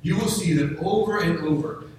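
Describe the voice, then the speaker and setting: A man preaching a sermon in a conversational way, slowing down to read scripture aloud. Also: fairly high pitch, darkish tone, slight background noise. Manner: conversational, reads scripture slowly. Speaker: pastor. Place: church sanctuary. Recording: echoey hall, distant mic.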